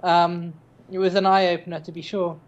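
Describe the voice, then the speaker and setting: Measured, formal male guest. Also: sits high, flat delivery, dull audio. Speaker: guest author. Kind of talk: interview chat.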